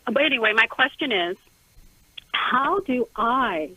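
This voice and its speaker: A middle-aged woman calling in to a radio advice show, speaking haltingly with many restarts. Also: on the high side, expressive, no room sound. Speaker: caller. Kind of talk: call-in radio question. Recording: phone line.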